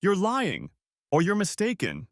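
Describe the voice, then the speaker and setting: A man voicing a distraught fifteen-year-old son, raising his pitch and shouting with a cracking voice. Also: wildly swooping pitch, unhurried, dry recording, clean studio sound, heavily acted. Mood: angry. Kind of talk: storybook narration, acted dialogue.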